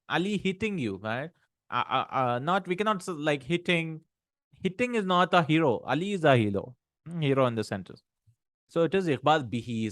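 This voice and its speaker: A man's voice: fairly high pitch, no echo. Man teaching Arabic grammar, dry sound. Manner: questioning, checks in with "right?" and "hmm?"; recites Arabic text quickly. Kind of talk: classroom lesson explaining grammar.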